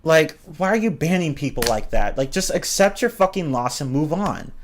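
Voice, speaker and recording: Fed-up man ranting, higher voice. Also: expressive, moderate pace, a little hiss or hum. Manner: exasperated, swears a lot, stumbles and restarts. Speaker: streamer ranting about online games. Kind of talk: casual profane rant.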